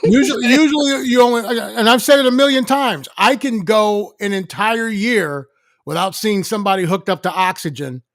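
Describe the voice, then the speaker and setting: A man's voice: high voice, normal speed, fairly bright tone, no room sound, clean studio sound. A married man co-hosting a casual food podcast, easygoing, often repeating words as he starts. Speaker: podcast co-host. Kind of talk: casual chat.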